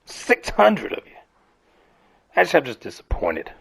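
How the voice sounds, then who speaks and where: A man's voice: medium pitch, huge pitch swings, moderate pace, vocal fry, fairly bright tone, slightly rough, dry recording. A man hosting a casual morning rant show, rambling and profane. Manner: rambling, profane, self-mocking. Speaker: podcast host.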